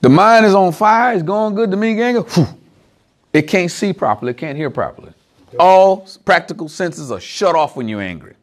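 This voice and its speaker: Animated and at a moderate pace, a man with a notably high voice delivers a casual sermon to a small gathering. He talks conversationally, poses rhetorical questions, and laughs softly along the way.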